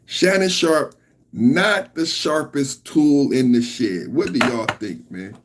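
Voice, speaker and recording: A man hosting a podcast, giving casual commentary in an animated, incredulous way. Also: on the high side, slow, background noise. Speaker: podcast host.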